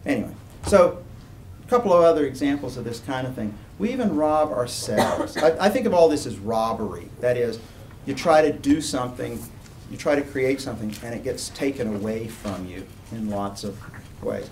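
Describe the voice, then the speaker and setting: A man's voice: medium pitch, lively intonation, normal speed, darkish tone. A man giving an informal university lecture, talking conversationally and drifting into personal anecdotes and asides. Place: lecture room. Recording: distant room recording with faint ambient noise.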